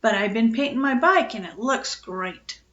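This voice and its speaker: A woman's voice: a little high, expressive, moderate pace, fairly bright tone, reverberant, dull audio. A woman doing an eager fibbing boy.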